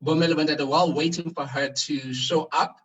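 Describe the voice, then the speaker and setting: A man's voice: on the high side, steady tone, a little fast, fairly bright tone, slightly rough, recorded from a distance, highs cut off. A man working as MC of a virtual conference, upbeat and playful, speaking over an online call. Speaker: virtual event MC. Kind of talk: conference hosting.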